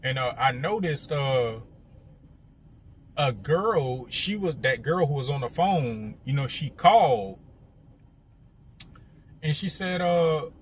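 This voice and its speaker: A man's voice: mid-range voice, lively intonation, takes it slowly, pauses often, a little hiss or hum. A young man telling a story straight to his viewers in a casual, conversational way, often talking to them directly. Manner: conversational, addresses viewers directly, many fillers.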